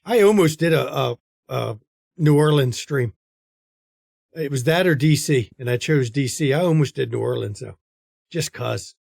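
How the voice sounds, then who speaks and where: A man's voice: medium pitch, moderate pace, gravelly, a little mellow, no room sound, clean studio sound. A man hosting a tabletop game stream, chatting casually and earnestly in the outro. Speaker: game master and host.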